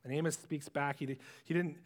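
A male preacher retells a Bible story as a sermon in a high voice. He swings dramatically between hushed lows and excited peaks, and his voice trails off in the long reverb of a large hall. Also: a little fast.

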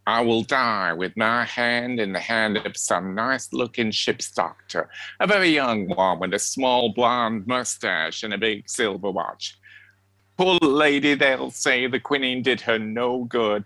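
A faded Southern belle drifts through her lines in a dreamy, theatrical Southern American drawl, as a man puts her on. Her voice climbs and dips in wide swings and rings out bright and clear. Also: mid-range voice, lively intonation, measured pace, no echo. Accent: Southern American, put on.

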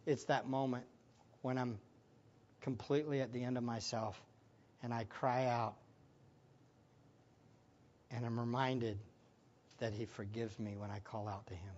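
A man preaching as pastor, swinging between loud excited exclamations and hushed prayer, often laughing and asking the listeners questions. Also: mid-range voice, unhurried, long pauses, lo-fi sound. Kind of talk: sermon.

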